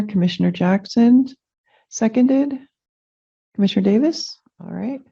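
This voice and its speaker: A woman chairing a public commission meeting, moving briskly through procedure and correcting herself on the fly. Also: medium pitch, animated, vocal fry, mellow. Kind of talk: running a public meeting vote. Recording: dull lo-fi meeting audio.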